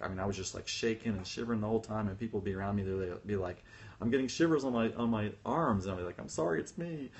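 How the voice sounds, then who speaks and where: Man, low-pitched, chatty, laughs often, casual livestream talk, phone mic. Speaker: spiritual teacher.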